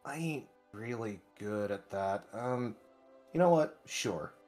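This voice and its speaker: A man's voice: lowish voice, lively intonation, takes it slowly, darkish tone, soft background music. A man voicing an easygoing, folksy young cowboy type in a tabletop game. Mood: friendly. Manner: folksy, drawling, friendly.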